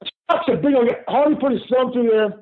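An older man telling lively stories as a guest in an interview, laughing often and calling the listener "brother". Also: extremely high pitch, fairly quick. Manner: lively yarn-spinner who laughs often and says "brother". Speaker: guest, retired pro wrestler. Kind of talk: animated storytelling in an interview. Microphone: phone call. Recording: tinny phone line.

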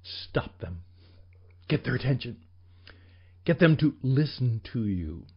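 A man's voice: mid-range voice, big pitch swings, takes it slowly, slightly rough, exaggerated voice. A man voicing a blunt male broadcasting mentor with a British accent. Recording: slightly dull lo-fi recording.

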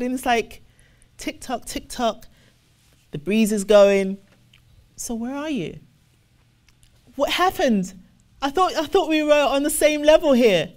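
A woman preaching and reading scripture slowly and solemnly, expressive and acting out other people's replies. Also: mid-range voice. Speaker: ministry officer.

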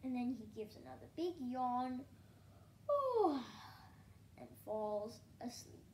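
A woman reading a children's story aloud in a gentle, hushed way that often drops near a whisper. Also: on the high side, fairly even intonation, moderate pace, echoey room, slight background noise.

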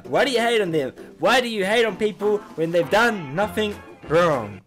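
A man hosting a casual reaction video, talking in a playful, exaggerated, excitable way. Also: high voice, moderate pace, soft background music.

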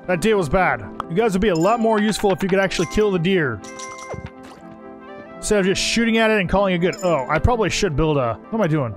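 A young man giving joking, animated commentary while playing a game, swearing and talking to the characters. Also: high voice, quick pace, faint music behind. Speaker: gaming channel host. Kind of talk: casual gameplay commentary.

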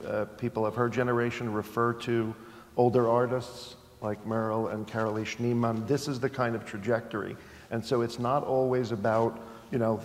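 A man moderating a public talk as interviewer, thoughtful, with stammering restarts. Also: medium pitch. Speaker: interviewer, museum director. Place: lecture hall. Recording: reverberant hall.

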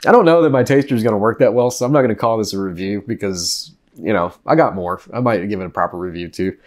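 A man's voice: on the low side, quick pace. Joking man rambling to camera. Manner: joking, rambling, laughs often. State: after eating a very hot chip. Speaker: vlogger reviewing food and drinks. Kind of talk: casual chat to camera. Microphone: desk mic.

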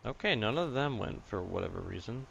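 Male gaming commentator, low voice, excitable and foul-mouthed, light background noise. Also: fairly quick, creaky, lo-fi sound. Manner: swearing, excitable, chatty. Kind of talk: casual gameplay commentary.

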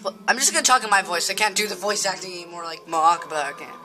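A woman's voice: lowish voice, lively intonation, fast talker. A woman giving casual, blunt gameplay commentary, swearing freely. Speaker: let's play gamer. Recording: game music behind the voice.

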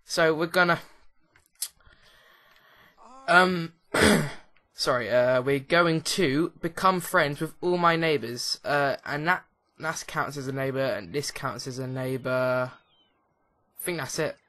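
Jokey young man, bright voice. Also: fairly high pitch, slow. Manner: rambling, jokey, with many restarts. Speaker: let's play host. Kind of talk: casual gameplay commentary.

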